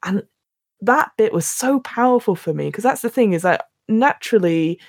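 A woman's voice: medium pitch, normal speed, dry recording, clean studio sound. A woman co-hosting a casual podcast chat about films, retelling scenes and acting out the characters' lines with plenty of restarts. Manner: animated storytelling, acts out quotes, restarts often. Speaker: podcast co-host reviewing films.

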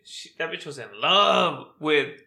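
Gravelly, bright-voiced man telling stories. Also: fairly high pitch, a little slow. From Central California. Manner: animated, profane, acts out quotes. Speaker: podcast guest. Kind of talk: casual storytelling chat.

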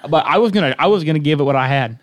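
A young man who drives in demolition derbies tells his stories in a relaxed, matter-of-fact way. He swears casually. His voice sits a touch higher than most men's. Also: rapid-fire. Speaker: guest, demolition derby driver. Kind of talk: casual storytelling chat.

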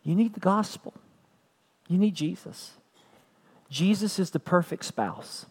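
A man's voice: sits high, unhurried, husky. A man preaching a sermon as pastor, earnest, repeating phrases and building to emphatic peaks.

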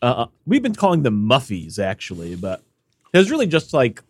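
A man's voice: medium pitch, moderate pace. A man co-hosting a casual podcast, joking and sniffly as he banters with his partner. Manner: animated, jokey, sneezing and sniffly. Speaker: podcast co-host.

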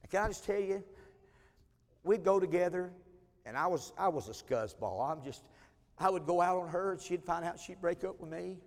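Folksy high-voiced preacher. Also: male voice, moderate pace. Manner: folksy testimony with dramatic swings in volume. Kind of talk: sermon storytelling. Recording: long hall reverb.

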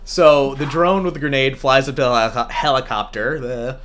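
Podcast host, man, bright tone, animated casual recap, laughs easily. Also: mid-range voice, moderate pace, slight background noise. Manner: animated storytelling, laughs often. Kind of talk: casual movie recap chat.

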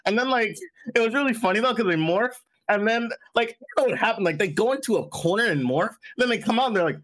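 A man's voice: high-pitched, expressive, brisk, a bit bright. A man co-hosting a podcast, chatting casually in a rambling way with many fillers and frequent laughs. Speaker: podcast co-host. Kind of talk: casual chat.

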